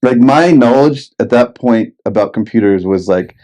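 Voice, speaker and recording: A man's voice: mid-range voice, lively intonation, normal speed, mellow. A young man telling rambling, expletive-laden stories in a casual podcast chat. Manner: rambling anecdotes, heavy swearing.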